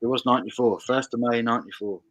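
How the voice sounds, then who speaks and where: A man's voice: medium pitch, fairly even intonation, fast talker, fairly bright tone, soft background music. A man hosting a casual live chat over beers, chatty and laughing, often stammering through his restarts.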